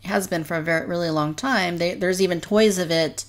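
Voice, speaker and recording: A woman's voice: lowish voice, brisk. A woman co-hosting a casual podcast discussion, reviewing in an earnest, detailed way. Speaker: podcast co-host.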